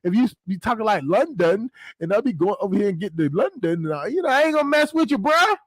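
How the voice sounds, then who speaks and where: A man's voice: high-pitched, big pitch swings, quick pace, no echo. A man hosting a casual livestream chat, rambling and slangy, laughing often. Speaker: host.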